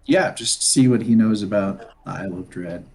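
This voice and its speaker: Male player, lowish voice, brief and direct, tabletop game. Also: moderate pace, darkish tone.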